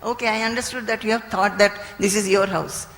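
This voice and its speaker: A woman's voice: mid-range voice, fairly even intonation, a little fast, a bit bright, lightly acted. A woman voicing an indignant village housewife who questions a boy she caught stealing, in a reverberant hall. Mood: scolding. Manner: questioning, scolding.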